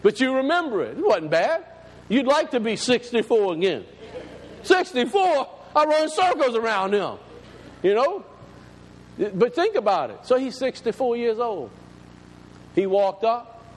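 A man's voice: very high-pitched, very animated, measured pace, pauses often. A man, a pastor telling a story in a folksy, emphatic sermon to his congregation. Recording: long hall reverb, faint background noise.

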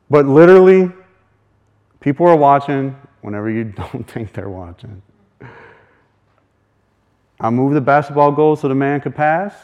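A man sharing a faith testimony as a folksy, chuckling storyteller who acts out the voices of people in his story. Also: a little high. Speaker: speaker sharing a personal testimony.

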